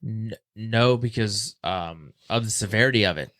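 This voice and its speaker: Low-voiced man telling a story. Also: moderate pace, no echo, clean studio sound. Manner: animated, acts out quoted voices. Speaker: podcast guest. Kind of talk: casual storytelling.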